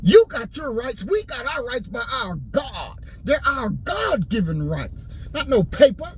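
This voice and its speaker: A man delivering an impassioned, preachy rant and story, repeating his points and rising into shouts. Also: very high-pitched, sing-song, unhurried, slight background noise, poor audio. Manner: preachy, repetitive, swings into shouting.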